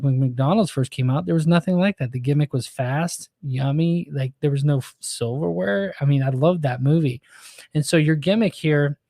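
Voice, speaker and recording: A man's voice: mid-range voice, warm tone, no echo, studio quality. A man hosting a podcast, chatting loosely in a casual interview and leaning on fillers like "you know". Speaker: podcast host.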